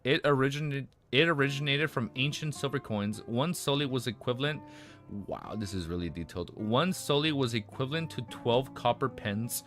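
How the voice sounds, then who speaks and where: A man with a raspy voice reads a web novel aloud, stumbling over words, rereading lines and breaking off into excited asides. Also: medium pitch, a little fast, soft background music. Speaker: streamer reading a web novel aloud and reacting. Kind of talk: casual reading with live reactions.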